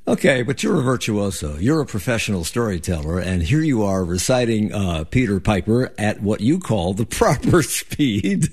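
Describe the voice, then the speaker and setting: A male interviewer with a low, slightly husky voice leads a casual conversation. His pitch rises and falls a lot as he asks questions, often stumbling over a word as he starts a sentence. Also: big pitch swings, moderate pace, few pauses, darkish tone. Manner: curious, chuckling, stammers on restarts.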